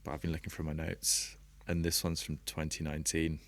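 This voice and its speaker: A man who plays rugby, a guest on a podcast, talking in a reflective and open way and laughing softly now and then. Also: extremely low pitch, completely flat delivery, fairly quick. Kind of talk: candid podcast conversation.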